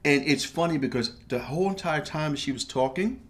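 A man co-hosting a podcast, recapping a TV episode in casual chat, emphatic and animated as he talks over his partner. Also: on the high side, fairly quick. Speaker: podcast co-host.

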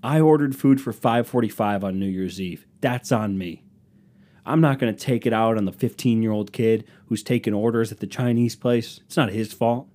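A man's voice: fairly low pitch, moderate pace, dark tone. Sarcastic man ranting on his podcast. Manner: ranting, sarcastic, mocks people in put-on voices. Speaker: podcast host. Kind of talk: solo comedic podcast rant.

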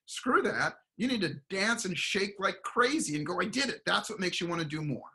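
A middle-aged man speaks in a relaxed interview, a motivational coach with a bright, forceful voice. He pitches a bit high and slips into playful voices for the people and pets in his stories. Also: moderate pace. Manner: animated storyteller, acts out voices in quotes. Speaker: guest, performance coach. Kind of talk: casual motivational interview talk.

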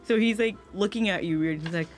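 A tabletop game master at a middling pitch, narrating in a loose, rambling way. The talk is full of fillers and restarts. Soft music plays faintly behind. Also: fairly quick.

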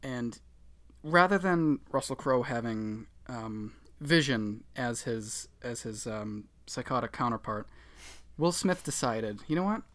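A man's voice: medium pitch, slow pace, fairly bright tone. Sarcastic man in casual chat. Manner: sarcastic, swears, laughs often. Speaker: podcast co-host.

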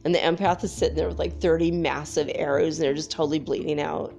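Woman, casual confessional vlog, candid, emotional, laughs often, mellow warm tone. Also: low-pitched, fairly even intonation, quick pace, creaky, soft background music. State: tearful at times. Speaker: spiritual vlogger. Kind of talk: casual confessional talk to viewers.

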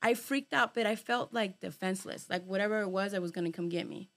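In a relaxed group chat, a woman of medium pitch tells a long personal story at a quick pace. She's lively, swears plenty, uses many fillers, and slips in bits of Spanish slang.

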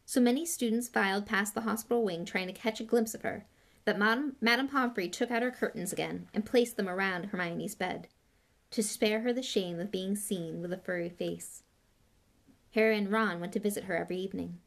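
A woman's voice: medium pitch, brisk, vocal fry. A woman reading a novel aloud in a plain way with small slips and restarts. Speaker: audiobook reader.

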